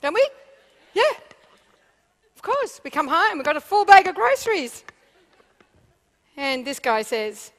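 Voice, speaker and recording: A woman giving a seminar talk to a live audience, animated and often checking in with the crowd. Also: high voice, measured pace, pauses often. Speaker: business speaker.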